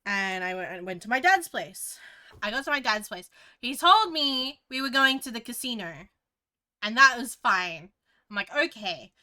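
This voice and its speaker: A woman's voice: on the high side, animated, normal speed, bright, forceful tone, clean tone. An Australian woman streamer telling a story in a casual, rambling way, often restarting and swearing.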